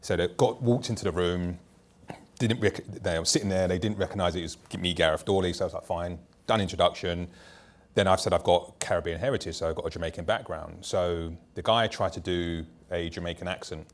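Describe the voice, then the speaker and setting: A man's voice: deep voice, fairly quick. A man who founded a startup, speaking bluntly and telling stories from his own work on a conference panel. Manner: blunt, anecdotal, talks in long loose runs. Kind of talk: candid panel discussion.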